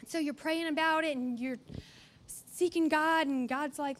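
A woman's voice: sits high, normal speed. A young woman giving a chatty, earnest youth-camp sermon with playful asides.

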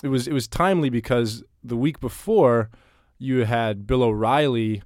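A man's voice: medium pitch, moderate pace, darkish tone, no room sound, studio quality. A man being interviewed about his writing, talking casually and thoughtfully, often restarting and repeating words. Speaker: interviewee, writer.

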